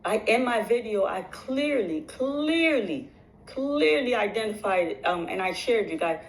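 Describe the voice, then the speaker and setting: A woman's voice: medium pitch, lively intonation, unhurried, low-quality recording. A woman vlogger telling her viewers a long personal story in casual talk. She keeps repeating phrases for emphasis and restarts her sentences.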